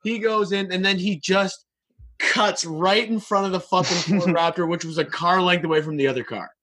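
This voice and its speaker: A man telling a story in casual chat, profane and animated. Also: high-pitched, moderate pace, husky.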